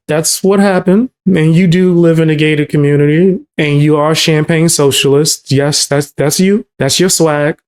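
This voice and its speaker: A man hosting a commentary channel, reacting in a blunt, slangy, dismissive way. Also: fairly high pitch.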